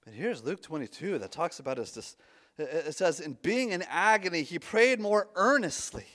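Lively high-voiced man preaching. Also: normal speed. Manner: conversational, with stammered restarts and sudden drops to a hush. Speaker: pastor. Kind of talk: sermon.

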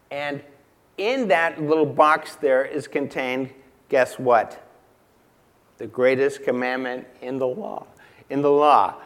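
A man preaching a sermon in a church, emphatic and unhurried, asking the congregation rhetorical questions and repeating key lines. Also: medium pitch. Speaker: pastor.

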